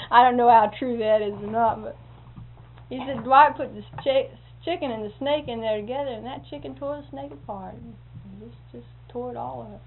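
A woman's voice: on the high side, moderate pace. A woman telling homespun stories casually, chuckling often and acting out what others said. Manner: chuckling often, acts out quoted speech. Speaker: storyteller. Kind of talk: casual anecdotal storytelling. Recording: phone-like lo-fi audio with faint hiss.

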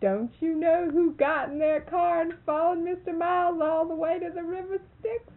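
A woman voicing an older neighbor woman who gossips gleefully, in a high, drawn-out, teasing voice. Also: very animated, breathy edge, heavily acted. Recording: tinny phone-like line, faint hiss.

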